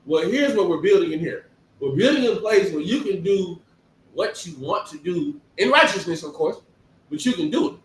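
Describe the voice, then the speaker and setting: A man giving a conversational sermon, talking in an animated, emphatic way and firing off rhetorical questions. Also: high voice, moderate pace, a little hiss or hum. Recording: echoey room, distant mic.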